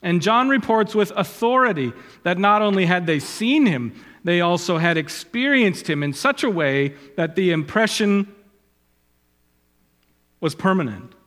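A man preaching a sermon, swelling loud and high when he quotes Scripture and dropping low and quiet on asides. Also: animated, a little slow. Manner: rises in pitch and volume when quoting Scripture, drops low on asides. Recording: long hall reverb.

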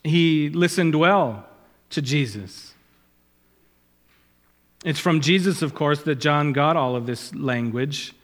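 A man preaching at an unhurried pace, his voice sitting a little high for a man. He rises and swells on quoted verses and sinks low on asides. A long reverb trails every phrase, like a sanctuary. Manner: rises in pitch and volume when quoting Scripture, drops low on asides. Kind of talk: sermon.

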